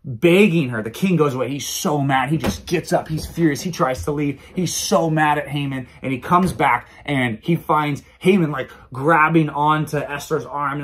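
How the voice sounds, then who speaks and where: A man's voice: on the high side, normal speed, slightly rough. A man hosting a daily Bible reading video, retelling scripture in a chatty, casual way. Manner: chatty, with many fillers and restarts.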